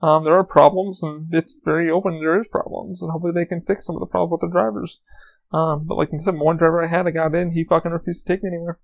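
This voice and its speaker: A man's voice: fairly high pitch, level tone, quick pace, vocal fry. A man hosting a podcast, telling rambling, profane anecdotes in a casual monologue. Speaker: podcast host.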